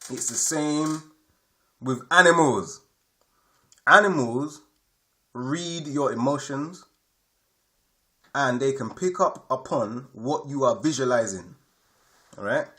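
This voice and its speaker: A man's voice: mid-range voice, takes it slowly, long pauses, sharp tone. A man giving a spiritual lesson, repeating his points emphatically and checking in with his listeners. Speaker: spiritual teacher. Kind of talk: explanatory spoken lesson.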